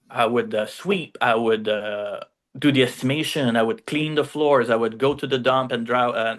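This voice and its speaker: His mid-range voice has a sharp tone as he tells his story as a guest in a relaxed podcast interview. He's a native French speaker with a French accent, and his storytelling wanders, packed with fillers and tag questions.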